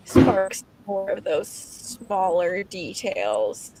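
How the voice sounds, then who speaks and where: A woman's voice: mid-range voice, sing-song, very slow, heavy background noise. Chatty woman hosting a live reading stream. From Canada. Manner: chatty, hesitant, many fillers and restarts. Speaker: host.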